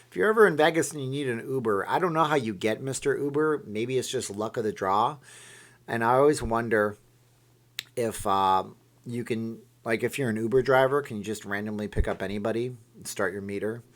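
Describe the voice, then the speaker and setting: Rambling man hosting a live stream. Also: medium pitch. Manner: rambling, reads viewer comments aloud and answers them. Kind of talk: casual live stream chat.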